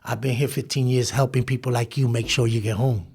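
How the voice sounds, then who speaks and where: Gravelly-voiced man telling prison stories. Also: medium pitch, fairly quick. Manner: animated, laughs through stories, acts out quoted voices. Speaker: podcast guest. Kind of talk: storytelling interview.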